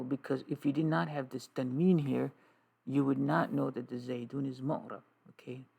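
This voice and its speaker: A man teaching an Arabic grammar lesson, slow and repetitive, drilling terms with many "okay"s. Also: medium pitch, creaky, darkish tone, breathy edge. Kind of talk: classroom lesson with writing.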